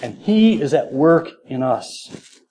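A man delivers a sermon in an earnest, repetitive preaching manner. His voice is mellow and a little higher than most men's. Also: expressive. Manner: earnest, repeats key phrases, quick laughs. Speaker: pastor.

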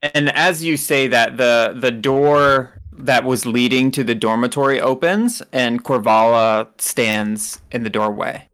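A man's voice: mid-range voice, steady tone, unhurried, few pauses, fairly bright tone. A man narrating as game master in a casual, rambling way, laughing often.

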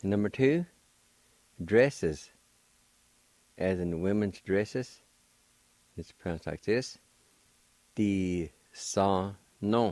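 A man with a deep, low voice teaches vocabulary in an unhurried, careful way, spelling each word and saying it again several times. He sounds patient and encouraging. The sound is close and dry, with little room to it. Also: expressive, a little mellow, dry recording. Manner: slow, deliberate spelling and repeated pronunciation. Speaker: language teacher and host. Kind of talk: radio language lesson.

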